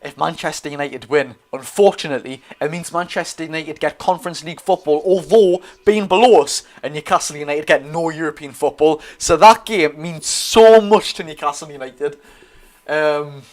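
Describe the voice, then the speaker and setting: A young man with a Geordie accent hosting a live football watch-along, chatty and excitable, reading viewer comments aloud. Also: on the high side, moderate pace. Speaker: streamer and host.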